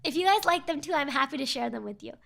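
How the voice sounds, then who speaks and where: A woman's voice: sits high, expressive, fast talker, vocal fry, fairly bright tone. A young woman streamer telling a story in a casual, rambling way, often repeating herself.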